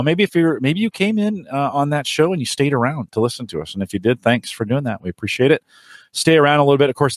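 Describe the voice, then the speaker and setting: A man's voice: mid-range voice, no echo, studio quality. A man hosting a podcast in casual chat, rambling and friendly with lots of fillers. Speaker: podcast host.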